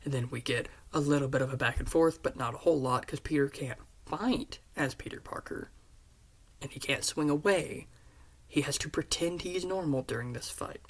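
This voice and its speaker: Husky man retelling a story. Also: fairly high pitch, moderate pace. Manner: earnest, drops into hushed half-whispers. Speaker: fan pitching a series. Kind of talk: casual retelling of a story pitch.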